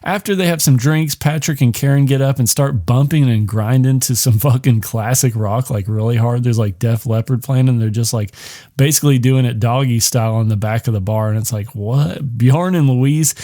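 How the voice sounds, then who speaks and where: A man recaps a film for his podcast in a loose, rambling way, full of swearing and sarcastic asides. His voice sits at an ordinary middle pitch. The sound is dry and close, with no room echo. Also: moderate pace, dark tone. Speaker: podcast host.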